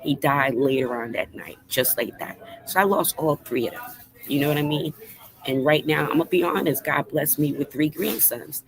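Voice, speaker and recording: A woman's voice: deep voice, moderate pace, poor audio. Emotional grandmother talking to her viewers. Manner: earnest, emotional, talks straight to the chat. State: voice trembles with emotion. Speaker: livestream host. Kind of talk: casual livestream chat to viewers. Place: fast-food restaurant.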